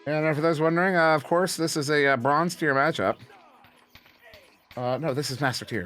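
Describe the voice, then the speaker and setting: A man casting an esports match, goofy and rambling between plays, then excited play-by-play calls. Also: on the high side, normal speed, pauses often, soft background music. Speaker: esports caster. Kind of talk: play-by-play commentary.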